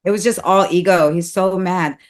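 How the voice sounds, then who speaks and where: A woman's voice: on the low side, steady tone, moderate pace. A woman co-hosting a casual talk show, chatty and full of questions. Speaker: co-host. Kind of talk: casual chat.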